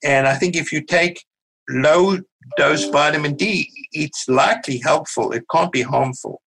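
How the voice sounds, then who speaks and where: A middle-aged man with a South African accent, a physician guest explaining medical ideas in a measured, patient way on a podcast interview. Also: fairly high pitch, gravelly, background noise. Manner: measured, explanatory, with small restarts.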